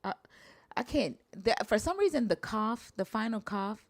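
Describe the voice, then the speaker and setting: A woman's voice: on the high side, expressive, moderate pace, dry recording. A young woman hosting a casual chat, hesitant and trailing off as she sounds out words, swearing now and then. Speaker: podcast host. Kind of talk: casual chat about Hebrew translation.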